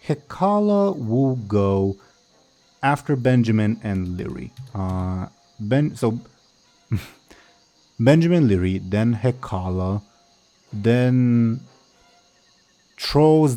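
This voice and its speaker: A man narrating a tabletop game as game master, explaining rules step by step in a measured way. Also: lowish voice, lively intonation, mellow.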